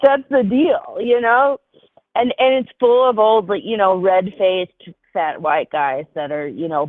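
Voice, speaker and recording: A woman's voice: mid-range voice, measured pace, no room sound. A woman chatting candidly on a call, rambling and laughing easily. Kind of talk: casual chat. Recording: tinny phone-like call line.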